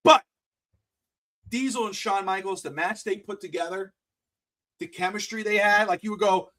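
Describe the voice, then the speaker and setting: Excitable high-voiced man on a podcast. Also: moderate pace. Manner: excitable, swings from mutters to near-shouting; profane, blunt opinions. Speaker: podcast co-host. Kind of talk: casual podcast chat.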